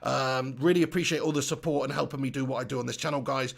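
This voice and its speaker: A man hosting a football live stream, chatty and upbeat, giving shout-outs to viewers. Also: mid-range voice, steady tone, fast, vocal fry. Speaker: football channel host.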